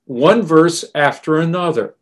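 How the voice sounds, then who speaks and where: Slow, earnest male preacher. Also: a little high. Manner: slow, earnest and deliberate, softening on quoted words. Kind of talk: sermon.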